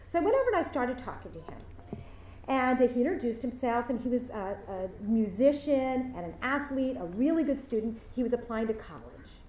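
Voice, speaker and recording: A woman's voice: fairly high pitch, big pitch swings, fairly quick, darkish tone, slight background noise. A woman giving a graduation speech, telling a story and acting out the voices of its people. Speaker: commencement speaker. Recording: echoey hall from far off.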